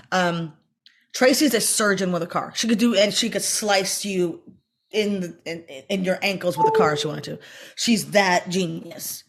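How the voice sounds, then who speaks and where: A middle-aged actress telling stories in an interview, laughing often and acting out quotes loudly. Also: female voice, fairly low pitch. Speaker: actress guest. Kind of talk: animated interview storytelling.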